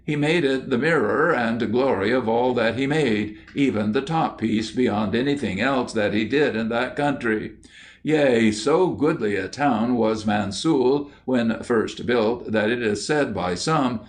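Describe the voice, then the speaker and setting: A man reading lectures aloud as an audiobook narrator, in a measured, unhurried way. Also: mid-range voice.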